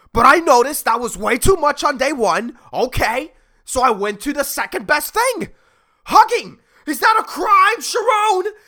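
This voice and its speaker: Man doing a panicky, shouting CEO, high, bright and lively, indignant. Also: exaggerated voice. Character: frantic trembling male CEO pleading his case.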